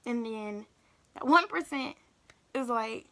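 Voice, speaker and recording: A young woman talking openly in a personal vlog, halting and emotional, often repeating herself. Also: a little high, steady tone, sharp tone. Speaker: vlogger.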